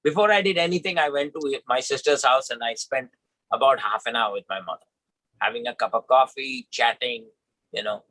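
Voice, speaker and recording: A man's voice: mid-range voice, fairly even intonation, moderate pace, bright, forceful tone, no echo, poor audio. A man telling a personal story emphatically as a trainer in an online session.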